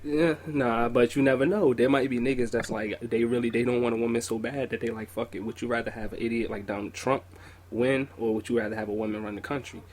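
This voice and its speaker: A man's voice: mid-range voice, steady tone, quick pace, darkish tone, a little hiss or hum. A young man co-hosting a casual podcast, joking loosely, swearing freely and laughing often. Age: young adult. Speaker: podcast co-host. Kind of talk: casual chat.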